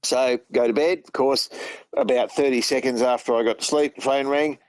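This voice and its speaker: A man with a medium-pitched voice, fairly even intonation and normal speed tells long, rambling anecdotes, quoting what others said. He's an Australian truck driver and regular guest in casual phone-in chat, recorded with no room sound and poor audio.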